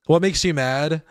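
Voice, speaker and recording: A man's voice: a little high, clear, resonant tone, no echo, clean studio sound. A man streaming a game live, rambling and laughing as he talks to his chat.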